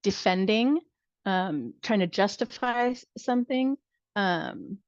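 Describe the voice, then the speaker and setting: A woman's voice: mid-range voice, lively intonation, slow pace, no room sound. A middle-aged woman teaching nursing students in a conversational way, acting out sample dialogues. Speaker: nursing instructor. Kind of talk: recorded video-call lecture. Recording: dull lo-fi video call audio.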